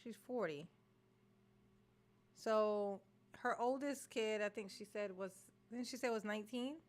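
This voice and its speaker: A woman's voice: medium pitch, measured pace. A woman from Maryland hosting a reaction video, ranting animatedly with swearing and laughter. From Maryland, USA. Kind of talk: casual reaction commentary.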